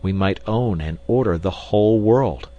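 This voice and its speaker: A man narrating a classic novel in the first person, measured and dramatic. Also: lowish voice, dark tone, highs cut off. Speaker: audiobook narrator.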